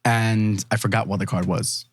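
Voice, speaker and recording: A man's voice: on the low side, moderate pace, husky, no room sound. A man guest, a magician, chatting casually on a podcast and acting out quoted people with lots of laughter. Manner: animated storyteller, acts out quotes, laughs often. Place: studio.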